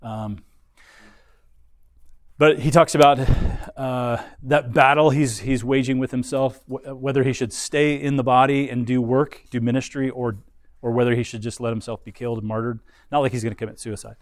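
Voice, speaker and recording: A man gives a Bible lesson at a middle pitch, explaining step by step and often restarting his phrases. The sound is dry and close, with no room echo. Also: fairly even intonation, normal speed. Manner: explanatory, frequent restarts and fillers. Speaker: Bible teacher.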